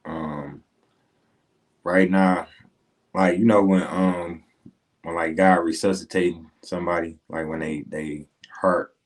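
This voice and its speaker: A man with a low, deep voice, talking as a guest on a podcast. He speaks casually and hesitates, stumbling through "um" and "like" as he works his way toward his point. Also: fairly even intonation, slow, pauses often. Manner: hesitant, full of fillers like "um" and "like". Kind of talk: casual interview talk.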